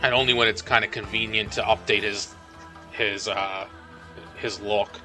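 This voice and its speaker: A man's voice: on the low side, steady tone, normal speed, bright, forceful tone. A man streaming a co-op game, chatting casually and rambling with lots of fillers. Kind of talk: casual gameplay chat. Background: game music.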